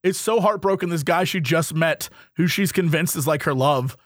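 A man's voice: fairly high pitch, normal speed, no echo, studio quality. A man co-hosting a casual chat, telling a story animatedly and laughing often. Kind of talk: casual chat recapping a reality show.

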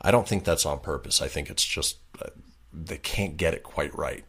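A man co-hosting a casual podcast, relaxed and quick to laugh. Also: extremely low pitch, slightly rough. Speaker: podcast co-host. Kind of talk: casual chat.

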